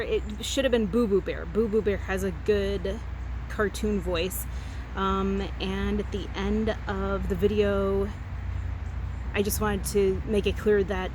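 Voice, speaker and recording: A woman rambling in a casual rant, chatty and full of asides, recorded outdoors. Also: medium pitch. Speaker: vlogger. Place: outdoors by a freeway. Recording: faint traffic noise outdoors.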